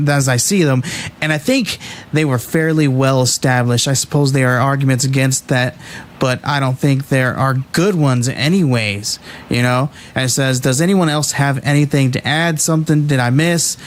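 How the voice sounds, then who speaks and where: On a casual comic book review podcast, a male host with a mid-range voice talks animatedly but haltingly, restarting his sentences often.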